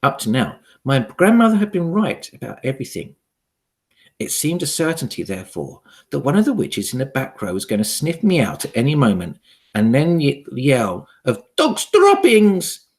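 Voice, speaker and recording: A man's voice: medium pitch, normal speed. Man, teacher reading a children's book aloud, dramatic, hugely swooping voice. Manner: expressive, dramatic storytelling. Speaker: primary school teacher.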